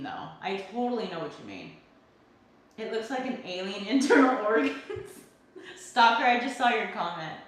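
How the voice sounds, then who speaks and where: A woman's voice: a little high, fairly bright tone. A young woman from California hosting a casual livestream, reading chat comments and ranting freely with some swearing. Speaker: livestream host. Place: home kitchen. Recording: very echoey room.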